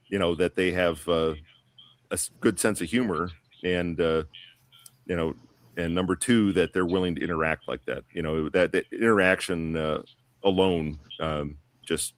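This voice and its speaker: A man telling a long story on a podcast panel in a casual, rambling way, full of fillers and restarts. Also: sits low. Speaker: guest.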